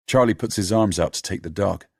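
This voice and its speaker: A man narrating an audiobook in a steady, measured storytelling manner. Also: low voice, vocal fry, husky, dry recording, studio quality.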